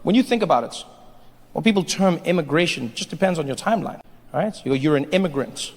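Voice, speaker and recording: A man's voice: on the high side, lively intonation, brisk, in a large hall. A man from South Africa doing conversational stand-up comedy, telling stories to a live audience. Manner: conversational, storytelling.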